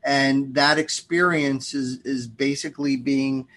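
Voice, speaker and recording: A man hosts a studio conversation at a measured pace, his voice mid-pitched. He pauses often and restarts his sentences as he sets up his questions. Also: level tone, fairly bright tone, slight background noise. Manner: measured, with frequent ums and restarts. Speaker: podcast host. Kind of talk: interview conversation.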